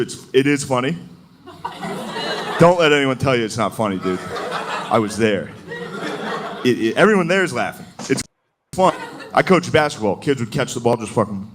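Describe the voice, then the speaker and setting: A man's voice: medium pitch, animated, normal speed, long pauses. A man doing a stand-up comedy set, telling stories in a crude, profane and laughing way. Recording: noisy live recording.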